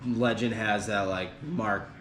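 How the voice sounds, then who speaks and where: A man with a lowish, slightly bright voice hosts a casual podcast, speaking slowly in a steady tone. He rambles through band history with lots of fillers, recorded in an echoey room with background noise.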